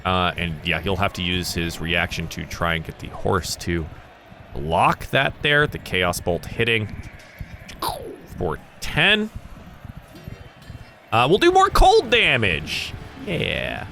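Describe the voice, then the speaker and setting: Male game master from the US South, lively pitch, unhurried, halting delivery. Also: vocal fry, slight background noise. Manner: thinking aloud, slow and halting with fillers. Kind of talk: narrating a tabletop game.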